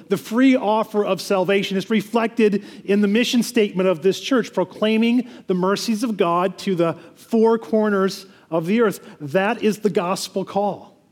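High-voiced man preaching in a reverberant church. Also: a little mellow. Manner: earnest preaching with frequent repeated words and restarts. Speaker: pastor. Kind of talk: sermon.

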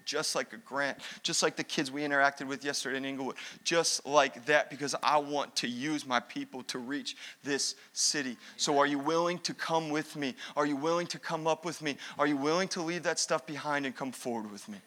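A man's voice: on the high side, fairly even intonation, a little fast, hardly any pauses, bright, forceful tone. A man preaching a fired-up sermon as pastor, emphatic and repetitive.

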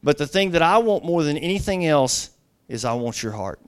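Higher-voiced middle-aged man preaching. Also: lively intonation, normal speed, clean tone. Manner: conversational storytelling, frequent "you know" asides. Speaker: guest pastor. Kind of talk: sermon.

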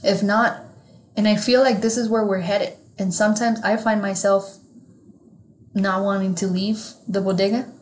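A woman co-hosting a podcast in casual chat, talking candidly and with plenty of swearing, growing animated when something amuses her. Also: medium pitch, moderate pace. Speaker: podcast co-host.

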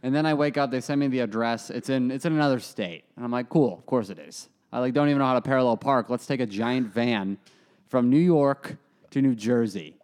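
A man's voice: medium pitch, fairly quick, darkish tone, clean tone. A young man co-hosting a podcast, telling a rambling, crude story in casual chat. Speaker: podcast co-host.

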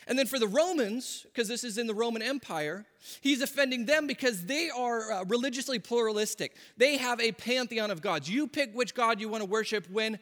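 Male pastor with a high, bright voice, preaching with animated storytelling in a large reverberant hall. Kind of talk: sermon.

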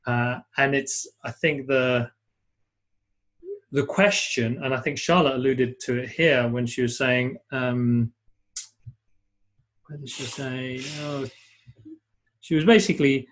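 A man co-hosts a live webinar, mulling things over aloud in an informal, animated tone, with many false starts and audience comments read aloud. His pitch is medium, his pace slow, and he leaves long pauses.

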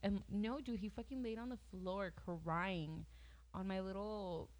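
A young woman in casual conversation, rambling through a story and peppering it with "like". Her voice sits at an ordinary pitch, easygoing and unpolished. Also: fairly even intonation, measured pace, darkish tone. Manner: chatty storyteller, heavy use of "like", frequent laughs. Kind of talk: casual chat.

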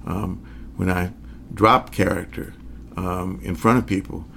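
An older man with a Southern accent, a magician talking in a casual interview, relaxed and chuckling often. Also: low voice, measured pace, gravelly, slight background noise. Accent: Southern American. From American South.

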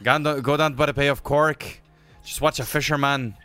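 A man's voice: medium pitch, fairly even intonation, moderate pace, pushed and bright, clean tone, faint music behind, lightly acted. A man putting on a cocky lad. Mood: mock boastful. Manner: joking, exaggerated swagger. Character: boastful Irish man mocking his own countrymen.

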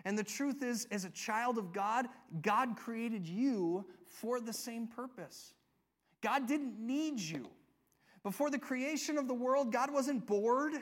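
High-voiced earnest male pastor preaching. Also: takes it slowly. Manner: earnest, swings between loud emphatic lines and soft hushed ones; asks the congregation rhetorical questions. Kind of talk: sermon.

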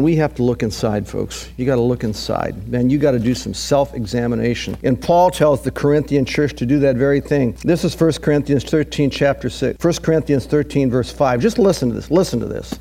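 A man preaching a sermon in a folksy, conversational way, swinging between loud emphatic peaks and low, hushed intensity. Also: gravelly. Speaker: pastor.

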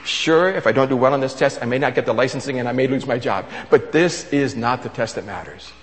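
A man preaching a sermon, emphatic, repeating his key phrases and swinging between loud and soft. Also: medium pitch, a little fast. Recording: long reverb of a large hall.

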